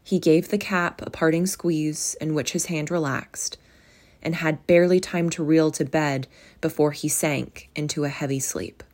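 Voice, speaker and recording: A woman with a notably low voice reads a classic novel aloud. Her delivery is measured and expressive, and she closes with casual, friendly chat to her listeners. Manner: measured, expressive reading, casual warm sign-off. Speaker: audiobook reader.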